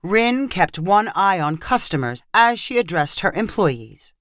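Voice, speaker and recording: A woman narrating a short story in a scripted way, expressive and acting out the characters. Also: medium pitch, a little slow, no echo, studio quality.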